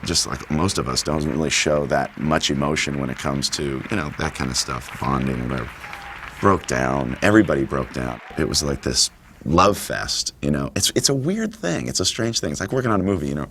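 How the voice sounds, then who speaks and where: A man's voice: rumbling low, fairly bright tone, a little hiss or hum. A man in an interview, rambling and using many fillers as he looks back on a show. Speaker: actor. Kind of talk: interview reminiscence.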